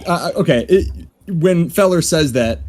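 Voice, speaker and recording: A man's voice: fairly high pitch, lively intonation, measured pace, darkish tone. Man playing a tabletop game. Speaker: player. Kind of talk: casual tabletop game chat.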